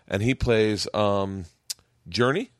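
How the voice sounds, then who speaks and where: A man's voice: fairly low pitch, takes it slowly, no echo, studio quality. Rambling, swearing comedian host man. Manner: rambling, many restarts, swears freely. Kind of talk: casual podcast chat. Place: home man cave.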